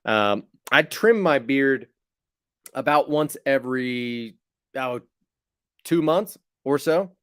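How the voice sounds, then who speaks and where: A man's voice: mid-range voice, animated, slow pace, long pauses, clear, resonant tone, no room sound, clean studio sound. Chatty man rambling on a livestream. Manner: rambling, chatty, teasing a viewer. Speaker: channel host. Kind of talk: casual livestream chat.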